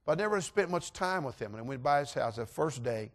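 A middle-aged man preaching, telling a story and acting out voices with animated delivery. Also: mid-range voice, fast talker. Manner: animated, acts out voices in anecdotes. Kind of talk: sermon storytelling.

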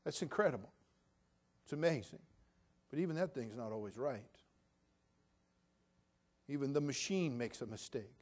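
A man preaching a sermon in a conversational way, with humorous asides and swings from quiet remarks to emphatic declarations. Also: medium pitch, animated, normal speed, long pauses. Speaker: pastor.

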